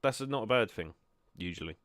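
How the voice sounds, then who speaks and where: A man's voice: lowish voice, lively intonation, a little fast, fairly bright tone, no room sound. A young man hosting a gaming video, chatting casually and self-deprecatingly with lots of ums. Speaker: gaming channel host. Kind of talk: casual gameplay chat.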